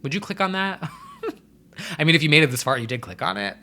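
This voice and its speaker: A man's voice: a little high, sing-song, a little fast, sharp tone. A young man hosting his own vlog, talking in a rambling, chatty way with sassy slang. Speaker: vlogger host. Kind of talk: casual chat to camera.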